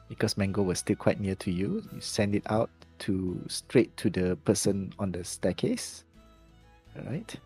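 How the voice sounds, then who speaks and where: A man's voice: lowish voice, dark tone, husky. A man narrating a tabletop game as game master, hesitant, often correcting himself mid-sentence. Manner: hesitant, many restarts and self-corrections.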